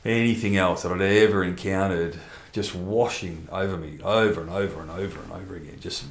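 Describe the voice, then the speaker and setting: A man's voice: low voice, fairly even intonation, a little fast, gravelly, roomy sound. A middle-aged man telling a candid personal testimony in conversation, blunt and rambling with restarts and mild swearing. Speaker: interview guest.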